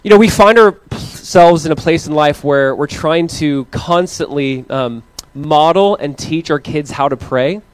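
A man's voice: unhurried, few pauses, a little hiss or hum. Upbeat male pastor, storytelling sermon. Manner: animated storytelling, acting out his kids in high voices. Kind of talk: conversational sermon.

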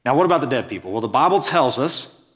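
A man's voice: mid-range voice, animated, quick pace, a bit bright. A man preaching a sermon as pastor, reading scripture and explaining it earnestly and emphatically.

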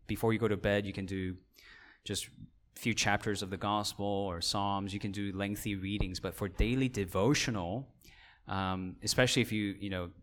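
A man leads a church seminar in a fairly low voice. He talks conversationally, with fillers and self-corrections. He keeps checking in with his listeners. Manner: checks in with the audience. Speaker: pastor teaching a seminar. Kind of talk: casual teaching talk.

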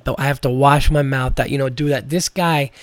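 A man's voice: medium pitch, fairly even intonation, a little fast, no room sound. A man, a comedian hosting a podcast, telling a rambling story full of swearing and "like" fillers. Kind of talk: casual storytelling.

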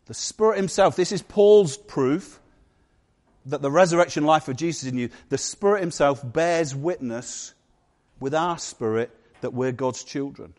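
Male pastor, higher voice, animated sermon delivery with playful asides. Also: moderate pace.

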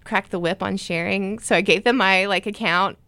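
A woman's voice: mid-range voice, steady tone, normal speed, sharp tone, dry recording. A woman guest in a casual interview, talking in an earnest, rambling way with many "like" fillers. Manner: earnest and open. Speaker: podcast guest, jiu-jitsu competitor.

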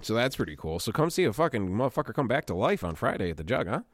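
A man hosting a casual podcast, his pitch leaping up and down as he acts out quotes. He swears freely and laughs between lines. The sound is dry and close, with no room echo. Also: very animated, racing. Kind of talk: casual chat.

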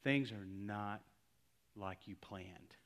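A middle-aged man preaching a sermon, telling a story and swinging between loud exclamations and hushed, near-whispered lines. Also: lowish voice, very slow. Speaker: pastor.

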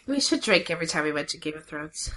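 A woman co-hosting a casual podcast chat, thoughtful and relaxed, with frequent "like" fillers. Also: deep voice, fast talker.

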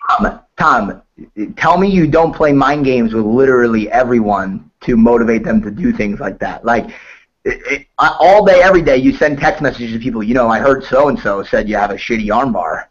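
A man's voice: medium pitch, moderate pace, dull audio. Laughing, rambling man instructor. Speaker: jiu-jitsu instructor. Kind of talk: casual podcast chat.

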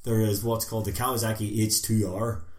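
A man's voice: on the low side, flat delivery, brisk. A man hosting a podcast with friends, chatting casually in a rambling, sweary way. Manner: swearing, rambling, laughs often. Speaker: podcast host. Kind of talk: casual chat. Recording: echoey room.

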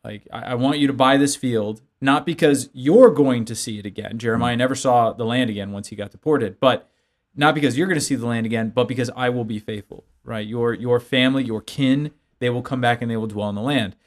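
A man explaining a Bible passage conversationally, with lively everyday examples, on a talk show. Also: mid-range voice, a little fast.

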